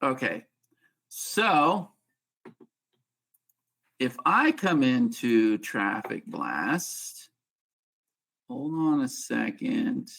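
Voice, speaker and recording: Man, teasing group call host, bright voice with gravel, video call. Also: mid-range voice. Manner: joking, teasing, folksy. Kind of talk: casual teaching on a group call.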